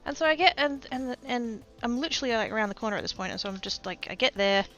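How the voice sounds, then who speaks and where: A woman's voice: a little high, quick pace, a bit bright, soft background music. An Australian woman livestreaming, telling a story in rambling casual chat, swearing freely and poking fun at herself.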